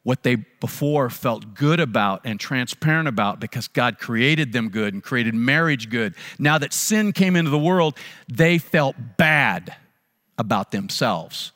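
A man's voice: medium pitch, expressive, measured pace, fairly bright tone. A man, a pastor, preaching a sermon and telling a personal story earnestly, repeating phrases for emphasis. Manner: earnest, repetitive emphasis, frequent restarts. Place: church sanctuary. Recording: long reverb of a large hall.

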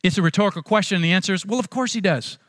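High-voiced man preaching a sermon. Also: very fast, fairly bright tone, dry recording, studio quality. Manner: conversational storytelling, repeats words. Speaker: pastor.

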